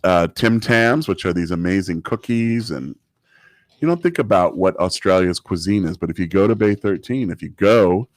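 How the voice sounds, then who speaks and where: A man's voice: sits low, expressive, normal speed, no echo. A man chatting casually as a guest, upbeat and jokey, talking up local events. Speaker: chamber of commerce guest. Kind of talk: casual chat.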